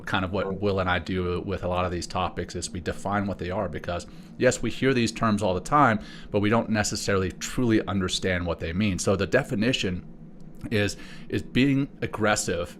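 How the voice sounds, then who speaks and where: A man's voice: on the low side, slight background noise. A middle-aged man from South Africa, co-hosting a podcast and telling a personal story in a conversational way. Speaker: podcast co-host. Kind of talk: casual podcast chat.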